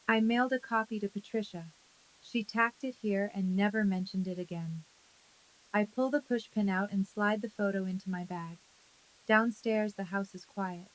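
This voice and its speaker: A woman in her thirties narrating a dramatic first-person story in a calm, measured, quietly intense way. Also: medium pitch, poor audio.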